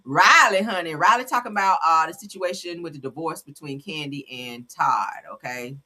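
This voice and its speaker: A woman's voice: deep voice, moderate pace, sharp tone. A woman hosting a casual celebrity gossip commentary, blunt and playful, laughing often. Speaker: host.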